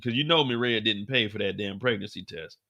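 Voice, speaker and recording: A man casually recapping a TV episode, animated and profane, acting out the characters' lines as he goes. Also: on the low side, a little fast, highs cut off. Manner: animated, profane storytelling with acted-out quotes. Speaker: show recap host.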